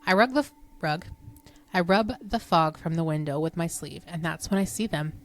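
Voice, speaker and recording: Low-voiced woman telling hushed ghost stories. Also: normal speed. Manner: hushed, suspenseful storytelling. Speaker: podcast co-host. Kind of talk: reading spooky stories aloud.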